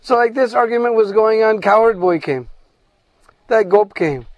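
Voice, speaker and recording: A man tells a devotional story to listeners at an unhurried pace. His voice sits high, and he checks in with "hmm?" between phrases. The recording is dry and close. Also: no echo, dull audio.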